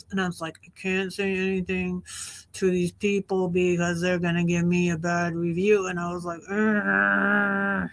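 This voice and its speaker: A woman's voice: medium pitch, fairly bright tone. Rambling, emphatic middle-aged woman livestreamer. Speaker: livestream host. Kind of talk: casual live-stream monologue.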